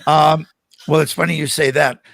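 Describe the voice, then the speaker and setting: An older man, a guest on a podcast, telling animated stories in casual conversation and acting out the voices of the people in them. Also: a little high, moderate pace, vocal fry, a crowd in the background. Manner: animated anecdotes with acted-out quotes. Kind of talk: casual storytelling interview.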